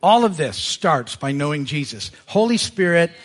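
A man preaching to his church, retelling scripture with lively asides. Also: a little high, normal speed. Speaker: pastor. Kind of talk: sermon. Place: church sanctuary.

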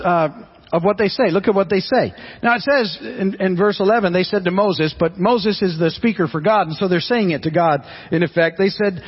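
Male pastor, high husky voice, conversational sermon delivery in a reverberant hall. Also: muffled recording. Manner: conversational, repeats phrases, asks the congregation questions.

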